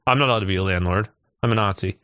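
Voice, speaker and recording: A man hosting a podcast, chatting and joking in an animated way. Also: fairly low pitch, racing, smooth, no echo, lo-fi sound. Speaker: podcast host. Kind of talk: casual chat.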